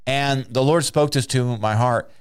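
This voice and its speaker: A man's voice: mid-range voice, measured pace, clean tone, dry recording, clean studio sound. A man preaching an earnest sermon, urging listeners with repeated phrases and frequent restarts.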